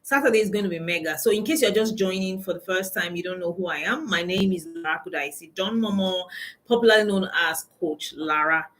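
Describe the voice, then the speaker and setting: A woman's voice: on the low side, fairly quick, a bit bright, rough recording. A woman with a Nigerian accent, a coach hosting a casual live stream from her phone, greeting viewers by name and laughing often.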